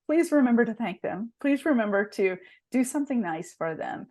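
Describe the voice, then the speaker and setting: A woman's voice: a little high, expressive, moderate pace, dark tone. A woman hosting a casual podcast, chatty and laughing often between her remarks. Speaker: podcast host, magazine editor.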